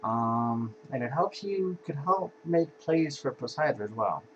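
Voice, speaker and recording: A man's voice: mid-range voice, expressive, unhurried, fairly bright tone. A man casually walking through his card game deck in an offhand, laid-back way, with sighs and yawns between cards. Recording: dull lo-fi home recording with faint hiss.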